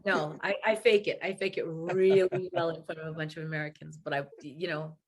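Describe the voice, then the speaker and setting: A woman's voice: deep voice, steady tone, brisk. A woman being interviewed as a guest, talking candidly and openly and laughing easily. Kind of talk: casual interview chat.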